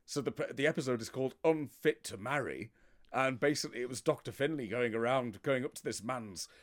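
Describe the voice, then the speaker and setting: A man from England in casual podcast chat, wry and chatty, with theatrical swoops of pitch. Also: a little fast. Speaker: podcast co-host.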